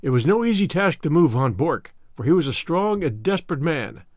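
A man reading a classic story aloud as an audiobook narrator, in a measured, expressive storytelling manner. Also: fairly high pitch, no room sound, clean studio sound.

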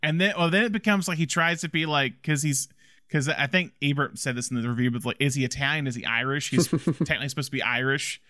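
Bright, animated man in casual film talk. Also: medium pitch, fast, no room sound, clean studio sound. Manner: animated, laughs often, restarts when excited. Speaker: podcast co-host.

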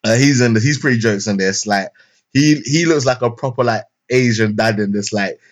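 This young man's medium-pitched voice moves at a moderate pace as he co-hosts a podcast, casually reviewing a film. Recorded on a remote call mic, his speech is rambling, full of fillers, false starts and street slang.

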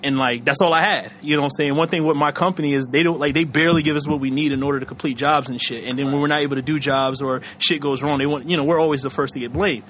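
Young male podcast host, quick and loose, filler-heavy storyteller. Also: fairly high pitch, fairly even intonation, a bit bright, a little hiss or hum. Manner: rambling, heavy fillers, laughs often. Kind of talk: casual chat.

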